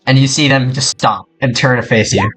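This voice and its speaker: A man's voice: medium pitch, steady tone, brisk, a bit bright, slightly rough, soft background music. A young man narrating a tabletop game as game master, rambling with lots of fillers.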